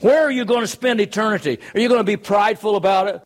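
A man's voice: sits high, quick pace. A man preaching a sermon, earnest and emphatic, driving his points home with rhetorical questions.

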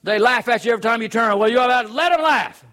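A man's voice: very high-pitched, fast talker, sharp tone. A man preaching a sermon, earnest and emphatic, driving his points home with rhetorical questions.

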